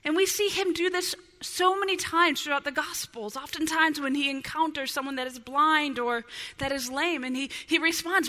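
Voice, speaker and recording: In a long, reverberant hall, a woman pastor delivers a passionate sermon that rises to urgent pleas and then sinks to near whispers. She speaks at normal speed in a high voice that sounds pushed and bright.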